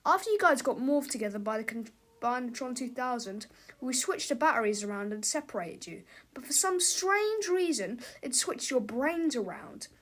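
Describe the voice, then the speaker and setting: A clever young schoolboy, read by a woman laying out a strange problem step by step. His voice sits a little high and stays steady and matter-of-fact. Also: moderate pace. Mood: explaining.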